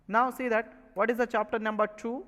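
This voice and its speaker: Bright-voiced Indian English maths teacher. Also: male voice, very high-pitched, flat delivery, a little fast, big-room sound, rough recording. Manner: repeats questions and answers them himself. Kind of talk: online classroom lesson.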